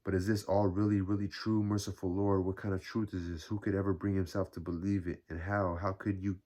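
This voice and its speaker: Man reading as a timid young woman, pleading, bewildered, deep voice, audiobook reading. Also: little pitch movement, fairly quick, dark tone. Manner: bewildered, imploring.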